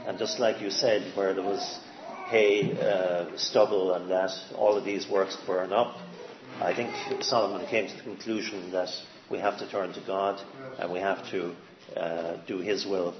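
A man giving an informal sermon, halting, with many fillers and restarts as he speaks. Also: deep voice, steady tone, roomy sound, a crowd in the background. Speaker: lay preacher. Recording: dull lo-fi sound with faint ambience.

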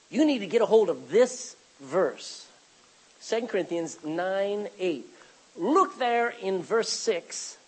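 A pastor preaches a sermon, reading scripture aloud and calling for amens from the congregation. His voice is high and husky, and the recording quality is low.

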